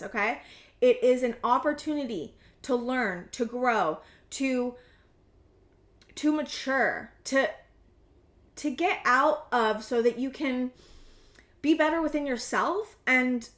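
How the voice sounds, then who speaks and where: A woman's voice: on the high side, fairly bright tone, reverberant. A woman in her thirties giving a casual tarot reading to camera, rambling and intuitive, with many restarts and fillers. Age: 30s. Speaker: tarot reader.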